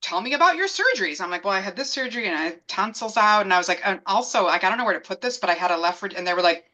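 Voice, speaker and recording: Bright-voiced woman telling a lively story. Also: mid-range voice, rapid-fire, dull audio. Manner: animated, acts out quoted voices. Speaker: guest. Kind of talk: casual storytelling in an interview.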